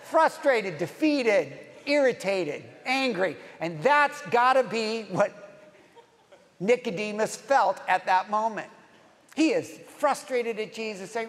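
A man's voice: high-pitched, expressive, slow pace, fairly bright tone, in a large hall. A man preaching a conversational sermon, asking the listeners questions and acting out the lines of the people in his story. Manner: conversational, acts out quoted lines, rhetorical questions. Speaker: pastor.

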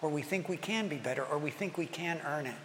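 A man leading communion as a pastor, speaking earnestly and rising in pitch and force as he voices a listener's prayers. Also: fast, fairly bright tone, slight background noise. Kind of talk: communion sermon. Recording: long hall reverb, faint ambience.

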